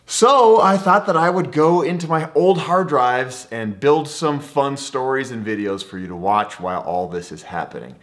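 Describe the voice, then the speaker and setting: A man's voice: mid-range voice, normal speed, few pauses. Enthusiastic male vlogger with an everyday mid-range voice, chatty storytelling. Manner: enthusiastic, conversational. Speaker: travel vlogger. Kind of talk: storytelling to camera.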